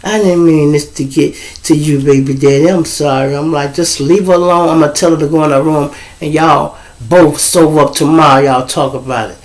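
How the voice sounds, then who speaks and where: A middle-aged man spins family stories in a casual monologue. His voice sits a little high for a man, and his delivery is profane and lively. He slips into the voices of the people he quotes. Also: moderate pace, hardly any pauses, rough recording. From Chicago. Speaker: host.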